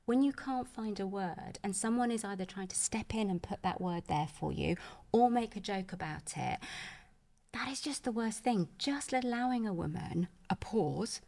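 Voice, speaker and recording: A woman's voice: mid-range voice, expressive, moderate pace, creaky, darkish tone. Earnest woman, podcast guest. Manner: earnest, reassuring, lots of "you know". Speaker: menopause expert guest. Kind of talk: podcast conversation.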